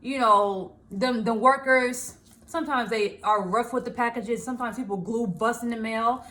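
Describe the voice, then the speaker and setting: High-voiced woman vlogger, animated and laughing. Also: normal speed. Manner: animated, laughing, acts out her own inner voice. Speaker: small business owner and vlogger. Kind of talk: casual self-help talk to camera.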